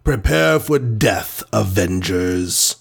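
A man's voice: fairly low pitch, lively intonation, takes it slowly, gravelly, breathy edge, full character voice. A man voicing a scheming male alien villain in a storybook reading, gloating and menacing. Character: sinister male alien time master, scheming.

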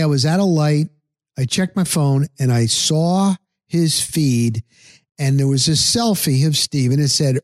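Male podcast host, fairly high voice, dry close sound, animated raconteur who acts out the dialogue. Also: no echo. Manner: animated, acts out quoted dialogue with big pitch jumps; casual, swears freely. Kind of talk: storytelling on a podcast.

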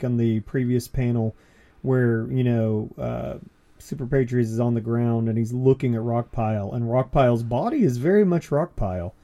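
Casual male podcast co-host, mellow tone, easygoing and rambling, laughs a lot. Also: mid-range voice. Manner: laid-back, laughs often, rambling descriptions. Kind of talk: casual chat about comics.

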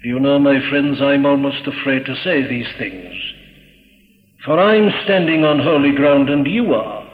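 A man's voice: medium pitch, measured pace. A man preaching a sermon from the pulpit, solemn and emphatic, repeating his phrases and building to fervor. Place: church pulpit. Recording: dull, echoey old church sermon recording.

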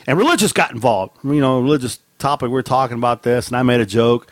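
A middle-aged podcast co-host of Mexican heritage talks quickly in a clean studio recording with no room sound. In casual chat, he tells rambling, profane stories, laughing often, his pitch swinging widely.

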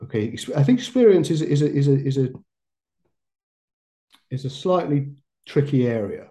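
Man, podcast guest, massage educator, mellow warm tone, reflective, restarts phrases, light laughs. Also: mid-range voice, big pitch swings, normal speed. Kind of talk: conversational podcast interview.

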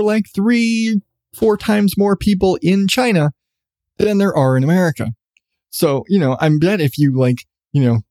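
A man's voice: a little high, dark tone, no room sound, studio quality. A man hosting his own podcast, ranting in a sarcastic, profane way about news stories. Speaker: podcast host. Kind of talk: solo podcast commentary.

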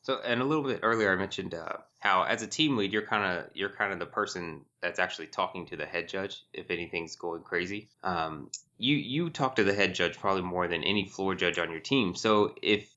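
A man's voice: low-pitched, a little fast, few pauses, pushed and bright, highs cut off. A man co-hosting a casual podcast, joking and laughing often, and reading listener emails aloud. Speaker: podcast co-host.

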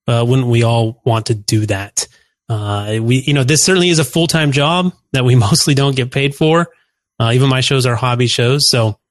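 A man's voice: medium pitch, no room sound, studio quality. Teasing male podcast co-host. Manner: teasing, sarcastic. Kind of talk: casual podcast chat.

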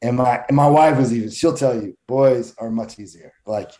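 A man's voice: medium pitch, normal speed, dark tone. A man, a coach and guest on a podcast, talking candidly and self-deprecatingly in casual chat.

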